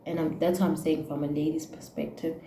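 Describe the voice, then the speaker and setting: A woman's voice: deep voice, level tone, brisk, mellow, slight background noise. Heartfelt South African woman in an echoey room. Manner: heartfelt, preachy, mixes in Zulu words. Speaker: YouTuber. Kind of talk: emotional casual rant to camera.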